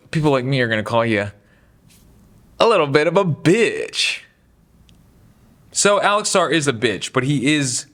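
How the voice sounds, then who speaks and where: Chatty, opinionated young-sounding man. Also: medium pitch. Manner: chatty, animated, does mocking voices for quotes. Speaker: basketball commentary host. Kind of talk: casual opinionated sports talk.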